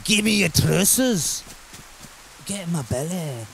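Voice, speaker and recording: A man's voice: high-pitched, animated, slow pace, creaky, fairly bright tone, a little hiss or hum, heavily acted, low-quality recording. A man voicing a greedy, gluttonous fat Scottish man in a put-on Scottish accent during a game stream.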